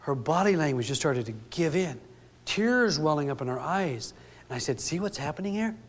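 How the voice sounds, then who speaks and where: A man's voice: a little high, lively intonation, moderate pace, long reverb tail. A man giving a live relationship seminar, telling stories and acting out the quoted lines of couples. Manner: storytelling, acts out quoted dialogue.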